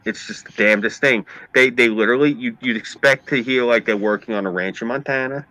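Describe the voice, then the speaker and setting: A man's voice: mid-range voice, fairly quick, dry recording, low-quality recording. A man with a New York accent, ranting and swearing in casual chat as a stream host. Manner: ranting, profane, animated storytelling.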